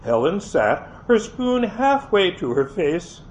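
Male reader, fairly high voice, first-person novel, expressive with small slips; lo-fi, light hiss. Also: slow. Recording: dull lo-fi with faint hiss.

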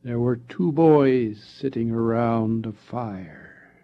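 A man voicing a calm, eerie boy storyteller who speaks softly in a slow, measured chant. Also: mid-range voice, dull audio. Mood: solemn chant.

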